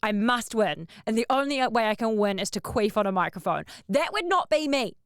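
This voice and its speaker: Animated New woman podcast host. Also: on the high side, brisk, clear, resonant tone, no echo. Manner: animated, acts out quoted voices. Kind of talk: casual storytelling.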